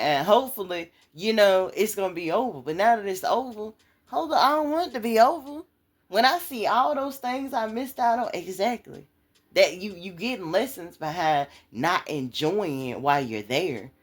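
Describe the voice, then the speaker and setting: Lively woman preaching faith, lots of repetition. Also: sits low. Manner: conversational, preachy, repeats phrases for emphasis. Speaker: inspirational speaker. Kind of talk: motivational faith talk.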